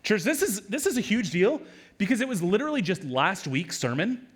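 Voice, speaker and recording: Animated pastor preaching in a higher voice. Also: male voice, slightly rough. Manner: conversational, animated, with quick asides and repeated words. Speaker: lead pastor. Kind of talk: sermon.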